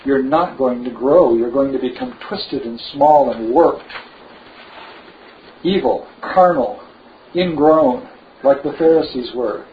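A man preaching a sermon, slow and emphatic, with lively asides. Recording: dull low-fi recording with faint noise.

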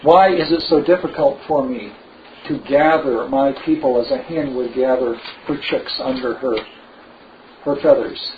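Slow, emphatic male preacher. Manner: slow, emphatic preaching with shifts to lively asides. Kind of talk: sermon. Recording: dull low-fi recording with faint noise.

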